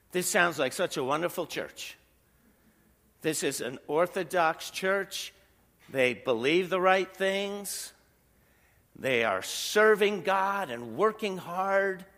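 A middle-aged male pastor preaching in a chatty way and asking the room questions. His voice sits high and rings bright and forceful. The sound carries the long reverb of a large hall. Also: expressive, slow pace, long pauses. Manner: conversational preaching with rhetorical questions. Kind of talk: sermon.

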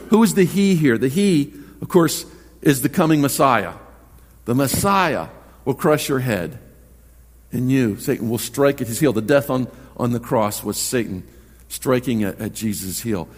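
A man's voice: medium pitch, sing-song, normal speed, a little mellow. A man preaching a sermon as pastor, earnest and conversational, often repeating words as he starts a thought. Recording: long hall reverb.

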